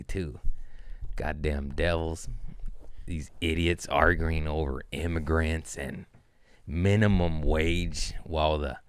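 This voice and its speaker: Recorded close and dry, this man has a low, smooth, resonant voice as he works through a loose comedy podcast monologue. Casual riffs and self-mocking asides give way to heated, profane rants that keep escalating.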